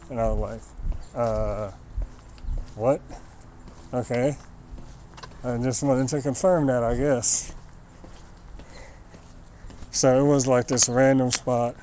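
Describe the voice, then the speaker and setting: A man's voice: mid-range voice, steady tone, slow, pauses often, mellow, rough recording. A man streaming live outdoors, telling a wry, rambling travel story in casual chat full of "like"s. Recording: faint outdoor noise.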